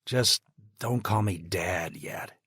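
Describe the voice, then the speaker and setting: A man's voice: deep voice, takes it slowly, fairly bright tone, breathy edge, no room sound, studio quality, heavily acted. A man voicing a protective middle-aged father who gives clipped, commanding orders. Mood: gruff.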